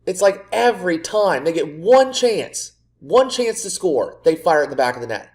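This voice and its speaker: His voice sits high with big pitch swings, a little mellow, at normal speed. As a gaming creator doing let's-play commentary on a football management game, he rants sarcastically at his own team, exasperated and self-mocking.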